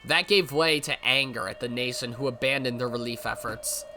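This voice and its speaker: A man's voice: medium pitch, moderate pace, background noise. A man hosting a let's play, reading a visual novel aloud and breaking in with wry, sarcastic asides.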